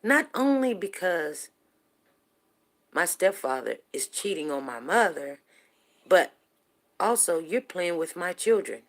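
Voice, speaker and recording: A middle-aged woman hosting a show, casually telling a personal story to her viewers, animated and repeating herself as she talks to them directly. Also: lowish voice, slow, pauses often. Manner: animated, repeats words, asks listeners "you know what I'm saying".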